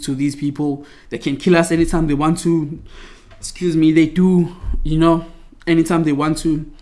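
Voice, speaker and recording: A man's voice: a little high, darkish tone. A young South African man hosting a podcast in a casual chat, ranting in a heated, profane and slangy way. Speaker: podcast host.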